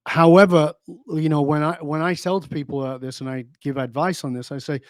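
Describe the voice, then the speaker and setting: Guy on an interview show, kinda high voice, punchy storyteller, dry close sound. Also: fairly even intonation, fairly quick, no echo. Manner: emphatic storyteller, rhetorical questions. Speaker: guest, leadership speaker. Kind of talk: conversational interview.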